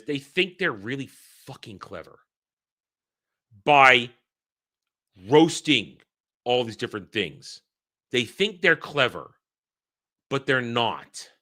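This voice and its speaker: A man's voice: mid-range voice, bright, forceful tone. A man giving a blunt, exasperated film review, swearing freely and repeating himself for emphasis.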